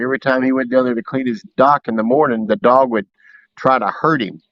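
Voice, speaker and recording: A man's voice: medium pitch, steady tone, quick pace. A man hosting a fishing livestream, chatting casually and telling stories with fillers. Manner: laid-back storytelling with fillers. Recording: dull dry audio.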